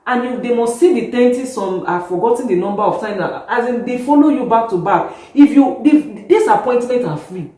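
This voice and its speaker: A woman in her thirties, a guest telling stories in casual interview chat, animated and laughing often. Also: fairly high pitch, a little fast, hardly any pauses. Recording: very echoey room, distant mic.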